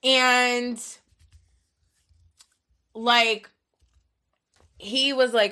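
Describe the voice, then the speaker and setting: A woman's voice: mid-range voice, moderate pace, pushed and bright. A woman in her twenties hosting a podcast, telling a long story in a rambling, profane way full of filler words. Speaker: podcast host. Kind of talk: casual storytelling monologue.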